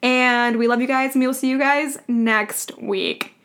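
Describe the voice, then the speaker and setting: A young woman with a high-pitched voice co-hosts a podcast, talking casually. She giggles often and strings her sentences together with "like" fillers. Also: fairly even intonation, measured pace, a bit bright. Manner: chatty, giggly, lots of "like" fillers. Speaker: podcast co-host. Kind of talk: casual chat.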